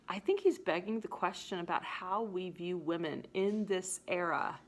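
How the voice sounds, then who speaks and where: A woman teacher giving a casual lesson, chatty and animated as she paraphrases the scenes in everyday language. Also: lowish voice, moderate pace, hardly any pauses.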